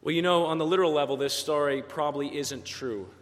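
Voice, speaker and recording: A man preaching a Christmas sermon, telling a story gently and dropping softer for quieted moments. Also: fairly high pitch, fast talker. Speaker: pastor. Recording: long church reverb.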